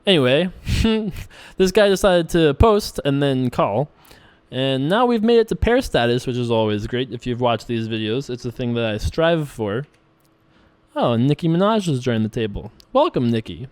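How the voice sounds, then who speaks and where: A man's voice: mid-range voice, very animated, normal speed, a little mellow, clean tone. A man casually commentating his own online poker session, joking and laughing often. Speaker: poker streamer.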